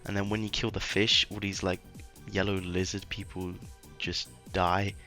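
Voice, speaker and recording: A man's voice: sits low, flat delivery, normal speed, pushed and bright, soft background music. A man doing a casual, rambling voice-over commentary on a video game, sarcastic and trailing off into mumbles at times.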